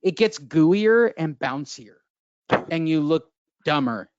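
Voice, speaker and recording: Man, middle-aged, boxing podcast co-host, crude jokes, fairly high voice, dry muffled sound. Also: animated, slow pace, clean tone, no echo. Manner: crude, joking storyteller. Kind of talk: casual chat.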